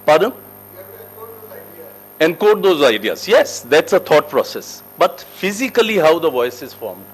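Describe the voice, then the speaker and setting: A man leads a corporate soft skills class in a fairly high voice. He moves through sweeping rises and drops in pitch and loudness, putting questions to the group and then answering them himself. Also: a little slow, a little hiss or hum, low-quality recording. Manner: emphatic, lively teacher with wide shifts in pitch and loudness. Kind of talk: classroom lecture. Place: training room with a group.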